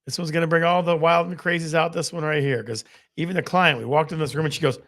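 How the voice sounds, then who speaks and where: Man, host, gravelly voice, a bit high, game-show countdowns, laughs at own jokes. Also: fairly even intonation, fast talker, a bit bright. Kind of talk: live show hosting a caption quiz.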